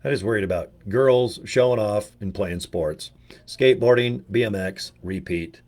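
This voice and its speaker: An older American man rambles through a casual monologue, cracking jokes and dropping slang as he goes. His voice sits low. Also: moderate pace, a little mellow. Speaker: video presenter. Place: home in Utah.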